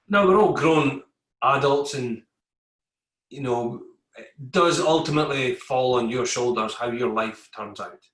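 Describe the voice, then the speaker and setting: Speaking in a mid-range, slightly bright voice, a man who served in the army tells his story frankly on a podcast, playing out conversations with his coworkers. The room has noticeable echo.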